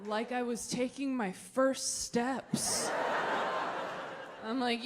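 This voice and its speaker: A woman's voice: a little high, fairly even intonation. Brash, sarcastic woman doing stand-up. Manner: brash, sarcastic, quick crowd banter. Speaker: stand-up comedian. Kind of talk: stand-up with crowd work. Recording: echoey theater with loud crowd noise. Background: audience laughter.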